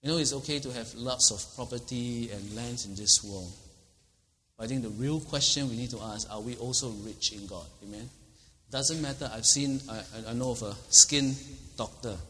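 Animated man preaching in a reverberant hall. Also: a little hiss or hum. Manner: animated, acts out quotes with big pitch leaps, chuckles often. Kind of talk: sermon. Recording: long reverb of a large hall.

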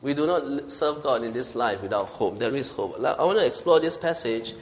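A man's voice: medium pitch, animated, fairly quick. A man preaching a sermon who reads scripture aloud and drives his points home by repeating them with emphasis. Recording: reverberant hall.

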